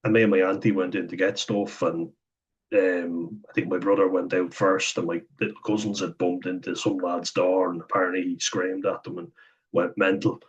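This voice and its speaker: A man's voice: low voice, level tone, moderate pace, slightly rough, muffled recording. A young Irish man telling candid, sweary stories in a casual vlog, chuckling now and then. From Ireland. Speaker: vlogger. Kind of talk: casual storytelling monologue.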